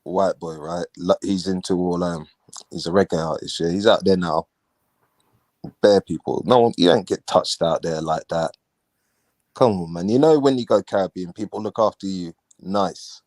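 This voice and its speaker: A man's voice: sits low, normal speed, a little mellow, no echo. A man hosting a casual live talk stream, laid-back and slangy, often mocking others by acting out what they say. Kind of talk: casual chat.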